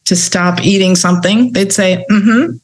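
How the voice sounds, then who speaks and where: A woman speaks in a casual interview chat, pitched a little on the low side. She tells stories about her patients in an earnest way and laughs lightly now and then. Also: steady tone, normal speed. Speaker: health practitioner guest.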